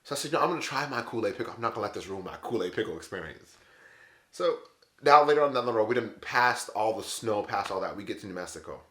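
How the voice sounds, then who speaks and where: A man vlogging, telling a story in a casual, animated way, laughing often and acting out what others said. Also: on the low side, fast. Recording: echoey room.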